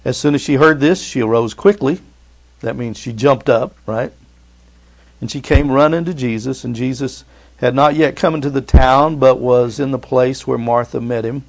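A man preaching a sermon to his church, swinging from loud urging to hushed, tender lines. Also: medium pitch, fairly even intonation, normal speed, vocal fry. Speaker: pastor.

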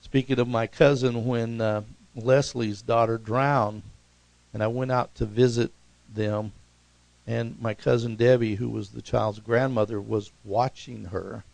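Male pastor, sermon delivery, heavy vocal fry, mid pitch, emphatic peaks and hushed drops. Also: steady tone, unhurried, no room sound, low-quality recording. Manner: rises to emphatic peaks, then drops soft and low; preaching with congregational call-outs.

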